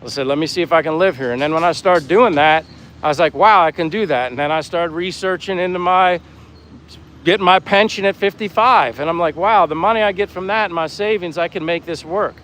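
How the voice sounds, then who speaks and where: A man's voice: high voice, fairly quick, a bit bright, poor audio. Chatty American man on an outdoor walk. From Pennsylvania, USA. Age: 50s. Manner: rambling and friendly, reads chat comments aloud. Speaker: vlogger, live-stream host. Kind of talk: casual live-stream chat while walking. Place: outdoors by the sea in a town. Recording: faint outdoor noise, wind on mic. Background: breeze and faint street and boat sounds.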